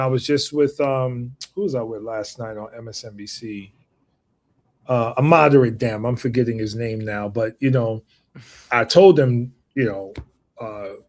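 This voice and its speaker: Man, host, easygoing, loose talk, restarts a lot, mid pitch. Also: moderate pace. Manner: relaxed, loose, with many restarts. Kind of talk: casual chat.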